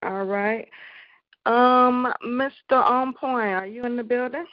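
A woman hosting a live poetry call-in show, encouraging and unhurried as she talks with callers. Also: fairly high pitch, fairly even intonation, no echo. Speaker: host of an online poetry show. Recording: dull, lo-fi online stream.

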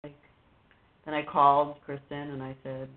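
Low, gravelly woman guest, halting and rambling, heard over a tinny phone line. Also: completely flat delivery. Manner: halting, rambling, with many fillers and restarts. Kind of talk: casual personal conversation. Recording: phone-like line with faint noise.

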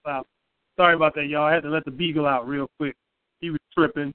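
A man, the featured guest poet, talking in a quick, friendly, casual way. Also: on the high side, fairly even intonation, no echo. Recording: tinny phone-like line, dry.

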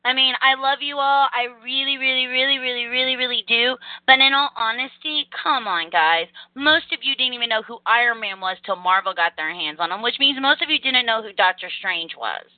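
A woman hosting a casual podcast chat, blunt and animated, swearing casually. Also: on the high side, a little fast, hardly any pauses, dry recording. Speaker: podcast host. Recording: phone-like narrow sound, dry.

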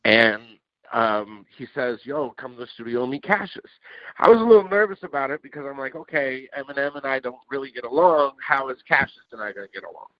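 A man telling stories as a podcast guest in a casual, animated way, swearing and acting out what people said. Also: mid-range voice, fairly quick, no echo. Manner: animated, swears, acts out quotes. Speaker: interview guest, music producer. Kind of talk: casual storytelling. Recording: dull lo-fi dry sound.

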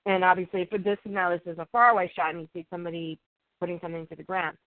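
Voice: mid-range voice, fairly even intonation, fast, no room sound. A comic book reviewer casually recapping an issue, rambling and reading the dialogue aloud plainly. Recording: tinny, dry phone-like sound.

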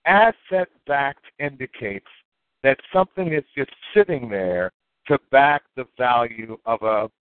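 A man explains things in a rambling, animated monologue, his voice jumping up for emphasis as he mimics other people's reactions. It sounds like it was recorded through a tinny, phone-like line. The sound is flat and dry, with no room around it. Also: mid-range voice, measured pace, clean tone, no room sound. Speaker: crypto token promoter.

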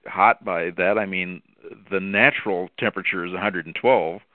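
Man, regular caller, indignant rant, lower voice, tinny phone line. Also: steady tone, normal speed, no echo. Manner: indignant, ranting about wasted money. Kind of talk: call-in commentary.

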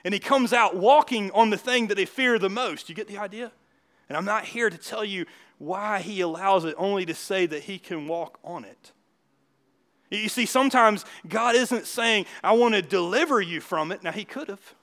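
A man preaching a sermon in a church. He talks in a chatty way, keeps asking the crowd questions, and swings from loud bursts to quiet asides. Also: sits high, normal speed. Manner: conversational preaching with frequent rhetorical questions. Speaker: pastor.

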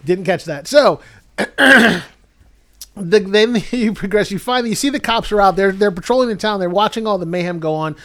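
A man's voice: sits high, moderate pace, fairly bright tone. A man co-hosting a comedy podcast, casually retelling a movie plot in a rambling way and laughing as he goes. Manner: rambling, laughs through his own storytelling. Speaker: podcast co-host.

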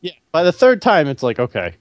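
A man telling a long, animated story on a podcast, swearing freely and acting out what others said along the way. His voice sits fairly high and comes through dry and close to the mic. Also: brisk, no echo. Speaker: podcast co-host. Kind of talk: casual storytelling chat.

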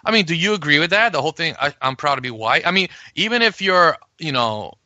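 A man co-hosting a podcast in casual chat, animated and swearing, acting out arguments he has had. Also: a little high, fast, no room sound, muffled recording. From Puerto Rico. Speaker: podcast co-host.

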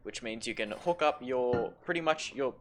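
A man's voice: medium pitch, animated, normal speed, a little hiss or hum. A young man co-hosting a casual podcast, talking in long rambling runs with frequent swearing and stammered restarts. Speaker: podcast co-host. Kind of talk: casual chat.

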